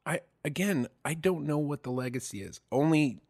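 A man's voice: fairly high pitch, lively intonation, normal speed, darkish tone. A man on a podcast talking candidly about his music, self-deprecating and joking, with frequent swearing. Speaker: musician guest. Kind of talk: casual podcast chat.

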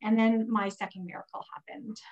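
A woman's voice: medium pitch, little pitch movement, brisk, darkish tone, muffled recording. A woman recovering from pneumonia, telling a personal faith story in casual, earnest speech full of fillers. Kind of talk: casual testimony.

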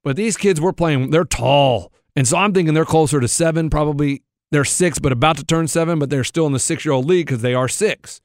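A man's voice: fairly quick, hardly any pauses, no echo, clean studio sound. A man co-hosting a radio show, telling a story in casual chat and acting out what people said. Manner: animated, acts out quotes with rising pitch.

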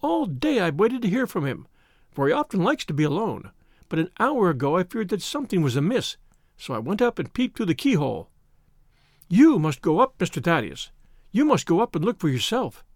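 A man's voice: high voice, very animated, brisk, no room sound, clean studio sound, exaggerated voice. A man doing a frantic old housekeeper woman. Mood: distressed. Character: frightened old female housekeeper, hysterical.

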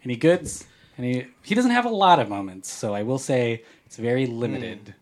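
A man's voice: medium pitch, expressive, normal speed. Joking male podcast host. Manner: jokey, playful, reads listener comments aloud. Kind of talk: casual podcast chat.

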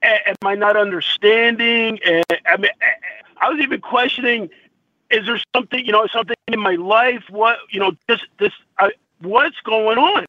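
A man calling in and crying as he tells a faith story, halting and stammering between phrases. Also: sits high, no echo. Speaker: caller. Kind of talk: telling a personal faith story. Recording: dull phone line.

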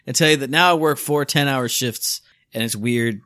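A man co-hosting a podcast in casual chat, telling stories with lively acted-out asides. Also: normal speed, no echo. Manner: animated storyteller, acts out his own inner voice with big pitch jumps. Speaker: podcast co-host.

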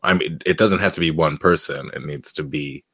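Male podcast co-host, low and dry, casual talk with halting read-alouds. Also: a bit bright, husky, no echo. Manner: reads text aloud haltingly, stumbling on words. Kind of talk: casual political podcast chat and reading aloud.

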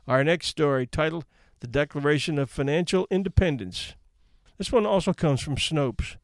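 A man's voice: on the high side, moderate pace, dry recording, studio quality. A man hosting a podcast, narrating stories in a wry, conversational reading style. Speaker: podcast host. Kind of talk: storytelling narration.

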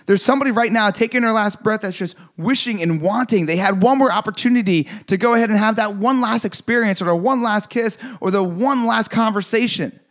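In his motivational speech, a man with a high, somewhat bright voice talks a little fast and barely pauses. Intense and preachy, he repeats his points over and over and swears now and then to press them on the listener.

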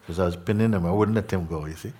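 A man's voice: sits low, warm tone. A man giving a spiritual talk to a gathering, reflective, often adding "no?" and "hmm?". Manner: slow, reflective, tag questions like "no?" and "hmm?". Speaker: spiritual teacher. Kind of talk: satsang talk.

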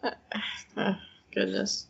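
Gravelly-voiced woman co-host. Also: medium pitch, slow, highs cut off. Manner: relaxed storyteller, teasing. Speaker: podcast co-host. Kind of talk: casual chat.

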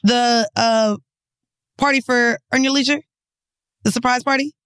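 A woman from New York co-hosts a podcast in casual chat. She talks bluntly and emphatically, swearing freely. Her voice sits fairly high and sounds dry and close to the mic. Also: steady tone, a little slow, a bit bright, smooth, dry recording. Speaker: podcast co-host.

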